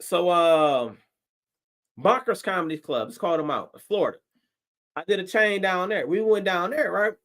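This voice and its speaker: A man from Detroit who does stand-up tells a story on a livestream, his voice sitting high at a moderate pace. He's animated and profane, performing his own reactions as he goes.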